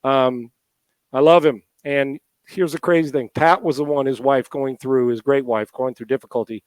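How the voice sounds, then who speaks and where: A man's voice: mid-range voice, fairly even intonation, moderate pace, no room sound. Middle-aged guy choked up, talking from the heart, stumbling over his words, dry close mic. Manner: heartfelt, repetitive restarts. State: emotional, near tears. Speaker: guest, former NFL quarterback and radio host. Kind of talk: emotional interview talk.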